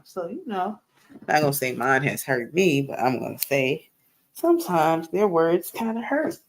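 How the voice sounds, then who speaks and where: A woman's voice: sits low, very animated, moderate pace. A woman hosting her own live stream, talking candidly and emphatically in a casual monologue, often repeating phrases for stress. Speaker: livestream host.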